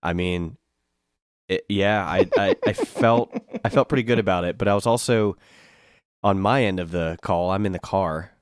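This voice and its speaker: A man's voice: low voice, normal speed, clean tone, dry recording, clean studio sound. A man co-hosting a podcast in casual chat, dropping wry one-liners. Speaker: podcast co-host.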